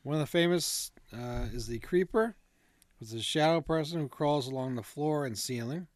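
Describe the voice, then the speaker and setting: A man's voice: fairly high pitch, normal speed, no room sound. A man co-hosting a casual chat, reading out ghost stories from notes in a laid-back way, with fillers and asides. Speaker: podcast co-host.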